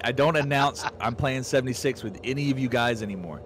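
A man's voice: mid-range voice, fast talker, a little hiss or hum. A man with a Texan drawl chatting casually over voice chat, rambling and restarting his sentences. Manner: animated, rambling, frequent stammered restarts. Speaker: gaming guest.

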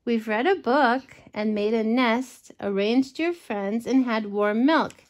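A woman voicing a patient mother bear at her cub's bedtime in a storybook reading, soft and coaxing. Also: a little high, slow pace. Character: gentle mother bear tucking her cub in.

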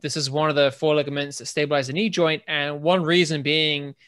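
A man's voice: a little high, flat delivery, fairly quick, a bit bright, clear, resonant tone. A British man co-hosting a podcast, telling stories in a rambling, chatty way with many restarts. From England. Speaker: podcast co-host. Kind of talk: casual chat.

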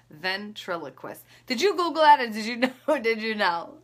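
A woman's voice: on the high side, lively intonation, slow pace. A woman in her thirties chatting casually through her skincare and makeup routine, rambling and laughing at herself. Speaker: beauty vlogger.

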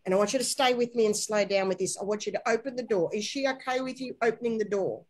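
A woman guiding a spiritual healing session in a gentle, unhurried voice. She coaxes and reassures, slowing each step down and speaking with tender endearments. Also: on the high side, rough recording. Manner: soft, slow, coaxing guidance with gentle endearments. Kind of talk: guided inner-child healing session.

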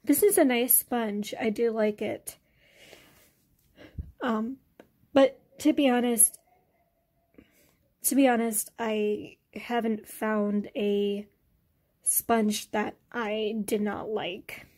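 A woman vlogger talks through her beauty products at an easy, unhurried pace. Her voice sits a little high, and she pauses often with fillers as she goes. It sounds like a relaxed chat at home. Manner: relaxed, hesitant, many fillers. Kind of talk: casual product review.

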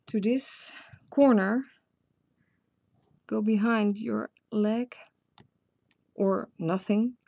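A Dutch-accented woman walks viewers through a craft tutorial at an unhurried pace, chatting to herself as she works. Her voice is husky with a gravelly edge and a mellow, darker tone. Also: medium pitch. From Netherlands. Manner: chatty, self-talking while working. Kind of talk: casual step-by-step tutorial.

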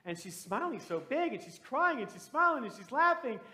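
A man who is a pastor, telling a story, growing hushed and then loud as the story turns. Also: very high voice, very animated, moderate pace. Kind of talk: storytelling sermon. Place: church sanctuary. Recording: echoey church room.

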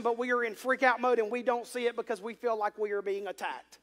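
A man's voice: very high voice, flat delivery, fast talker, hardly any pauses, a bit bright. A man preaching a sermon as pastor in a church, reading scripture and breaking in with emphatic commentary. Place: church sanctuary.

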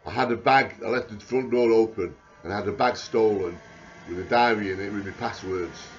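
A man, talking in a rambling video diary, halting and repetitive with many restarts, sounding anxious and panicky. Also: lowish voice, muffled recording.

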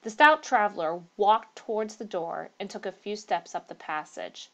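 A woman's voice: medium pitch, normal speed. Woman reading a ghost story aloud. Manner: steady reading with slips and restarts. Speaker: narrator.

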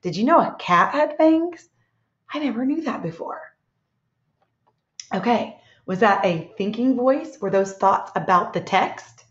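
A woman teacher giving a read-aloud lesson to young children, speaking gently and expressively and asking them questions. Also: fairly high pitch, animated, a little slow. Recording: echoey room, dull lo-fi sound.

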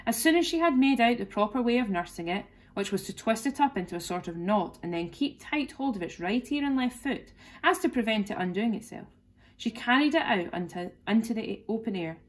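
A woman, a teacher, reading a children's classic aloud clearly and expressively. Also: a little high, expressive, fairly quick. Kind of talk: storybook read-aloud.

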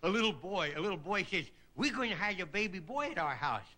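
High, bright, chuckling comedian man. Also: big pitch swings. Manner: joke-telling, chuckling at his own gags, dropping into quick character voices. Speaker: comedian host. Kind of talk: stand-up monologue. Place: television studio stage with live audience.

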